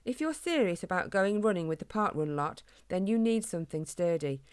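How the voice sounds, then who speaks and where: A woman's voice: fairly low pitch, lively intonation, fairly quick, a little mellow, clear, resonant tone, no echo, studio quality, natural voice. A woman voicing a kindly father hedgehog who tells old stories in a chatty, folksy way. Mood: fond.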